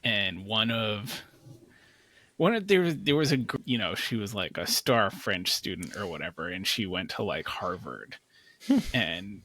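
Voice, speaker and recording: A man's voice: fairly low pitch, animated, unhurried, sharp tone, dry recording. A man co-hosting a podcast, telling an anecdote in casual chat and laughing between phrases. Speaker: podcast co-host.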